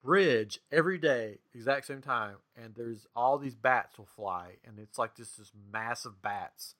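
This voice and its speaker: A man hosts a loose podcast chat, retelling a story with restarts and laughs. His voice is bright and forward, at a middle pitch. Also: measured pace. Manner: rambling storyteller, laughs often. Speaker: podcast host. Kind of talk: casual chat.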